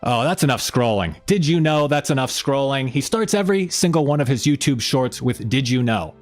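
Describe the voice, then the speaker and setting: Animated, rambling man hosting a stream. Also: fairly quick, faint music behind. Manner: rambling, with many fillers and restarts; lively pitch swings when joking. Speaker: host. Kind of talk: casual live-stream chat.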